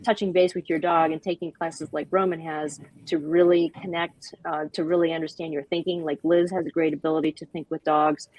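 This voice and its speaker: A woman speaking as a guest on a video-call show, talking with animated enthusiasm and acting out little quoted voices. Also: sits low, fairly quick, hardly any pauses, low-quality recording. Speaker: guest, dog park expert.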